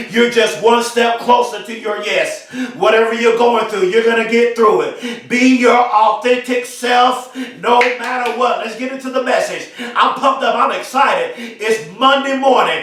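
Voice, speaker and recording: A man giving an emphatic motivational speech, repeating slogans and often shouting them. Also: extremely high pitch. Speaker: motivational speaker. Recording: very echoey, from far off the mic.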